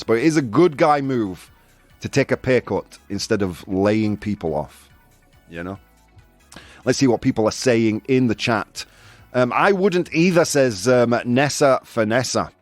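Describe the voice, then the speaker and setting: A man's voice: mid-range voice, no echo. A man hosting a casual live stream, chatting through the news and reading viewers' comments, chatty and self-deprecating, often laughing and stumbling over hard words. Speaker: podcast host.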